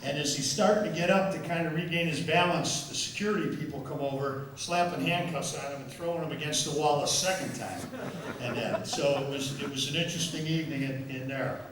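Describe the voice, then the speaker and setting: An older football official, the after-dinner guest speaker, tells stories that amuse himself and repeats words often. His voice is on the high side with a steady tone and slightly fast pace. He sounds distant in the echoey hall of a large members' dining room, against a noisy background.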